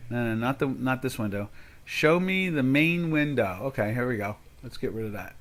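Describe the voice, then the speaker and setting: Speaking at a normal speed in an expressive, mid-range voice, an older man runs a live trading stream. He keeps things casual and chatty, thinking aloud as he works on his settings.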